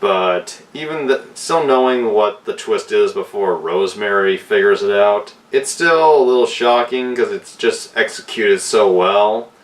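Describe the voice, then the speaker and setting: A man giving a casual spoken film review, retelling the plot in an unhurried way with fillers and restarts. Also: lowish voice. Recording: voice distant from the mic.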